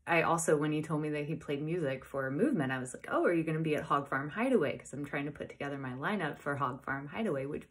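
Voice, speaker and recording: A woman hosting a podcast, telling a personal story in a casual, excitable way and acting out the conversations she had. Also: low-pitched. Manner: chatty, excitable, retells dialogue with many "I was like". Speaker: podcast host.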